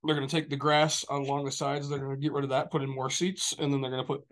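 A man's voice: mid-range voice, flat delivery, fast, fairly bright tone. A man co-hosting a podcast, chatting casually in loose, meandering sentences full of fillers. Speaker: podcast co-host. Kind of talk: casual chat.

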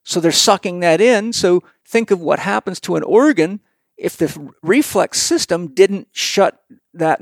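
A man's voice: sits high, dry recording, clean studio sound. A man who speaks bluntly and with profanity, telling stories as he explains in a casual conversation. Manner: blunt, profane, animated storyteller. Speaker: guest practitioner.

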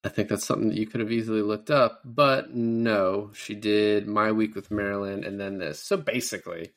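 A man's voice: lowish voice, fairly even intonation, moderate pace. Rambling man in his thirties. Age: 30s. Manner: loose and rambling, many fillers and restarts. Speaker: podcast co-host. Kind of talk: casual movie review chat.

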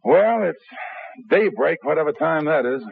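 Eager young radio performer, high and lively, slightly husky, old tinny radio sound. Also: male voice, unhurried, slight background noise, full character voice. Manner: eager, persuasive. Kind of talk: 1950s radio drama acting.

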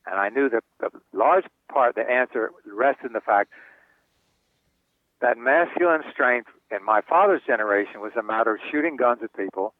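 An older man tells his stories with relish, slipping into high voices for the people he quotes. The sound is thin and phone-like, and the room is dry. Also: moderate pace, dry recording. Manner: animated storyteller acting out quoted voices. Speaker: author and guest. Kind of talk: storytelling interview answers. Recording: tinny phone line, dry.

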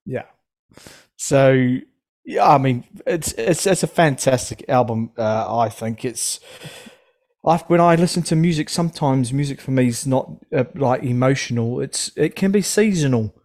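A man's voice: mid-range voice, animated, a little slow, darkish tone. A man hosting a casual music podcast, rambling and hesitant. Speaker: podcast host. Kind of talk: casual chat.

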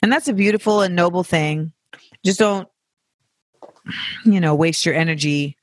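A podcast host giving casual advice in an animated way, with profanity and joking asides. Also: medium pitch, brisk, no echo. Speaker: podcast host answering listener questions.

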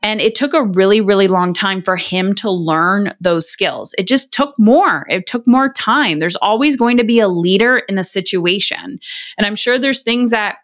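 A woman's voice: mid-range voice, moderate pace, fairly bright tone. A woman hosting a parenting podcast, giving earnest, conversational advice and acting out what people say. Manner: earnest, conversational, acts out quoted lines. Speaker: podcast host and parenting coach. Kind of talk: casual advice talk.

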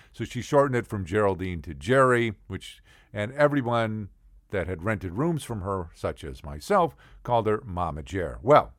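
A man's voice: lowish voice, dry recording, clean studio sound. A man telling rambling comic stories in a casual monologue, full of digressions. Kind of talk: comedic storytelling monologue.

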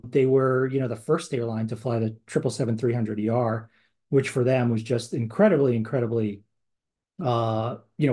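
Man, podcast co-host, casual chat, lots of ums and restarts, middle pitch. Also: darkish tone. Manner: conversational, rambling with many fillers and restarts.

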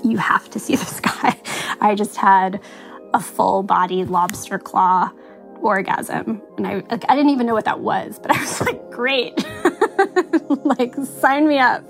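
A woman's voice: medium pitch, steady tone, measured pace, vocal fry, faint music behind. A woman in her late thirties, interviewed, telling a candid story in a wry, self-mocking way with frequent laughter. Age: 30s. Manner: laughs often, wry and self-mocking, mimics others in quotes.

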